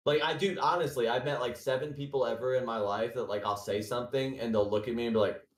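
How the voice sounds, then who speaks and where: Podcast host, male, mid pitch. Brash and swearing, quote-heavy banter, roomy echo. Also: quick pace. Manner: profane, animated, acts out quotes. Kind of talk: casual chat.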